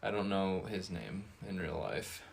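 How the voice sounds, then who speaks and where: A man with a very low voice co-hosts a laid-back review podcast. He rambles and hesitates, with lots of fillers and false starts as he talks. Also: very animated, unhurried, gravelly, breathy edge. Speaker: podcast co-host. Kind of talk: casual movie review chat.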